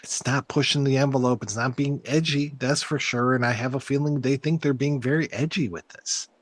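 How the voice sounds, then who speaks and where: Man, mid-pitched voice, dry close sound, unimpressed podcast chat. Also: steady tone, fairly quick, dry recording. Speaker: podcast co-host. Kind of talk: casual chat reviewing a TV episode.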